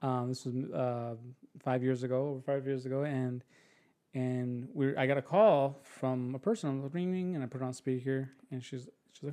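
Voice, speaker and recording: A young man with a mid-range voice appears as a podcast guest, telling a story in a casual chat. He's animated, acting out other people's voices and restarting quickly.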